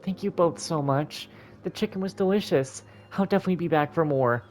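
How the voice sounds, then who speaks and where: A gamer voicing a young woman customer who tells her story in a halting, emotional way while reading game dialogue aloud. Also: medium pitch, darkish tone, faint music behind, pitched above the performer's own voice, close to an everyday voice. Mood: grateful.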